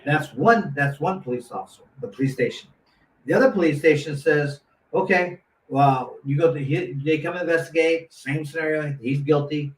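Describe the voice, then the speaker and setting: A man's voice: fairly high pitch, fairly quick. A man telling a long story in casual talk, acting out the voices of the people in it with lots of restarts. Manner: animated, acts out quotes with lots of restarts. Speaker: guest storyteller. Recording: roomy echo, mic at a distance, faint noise.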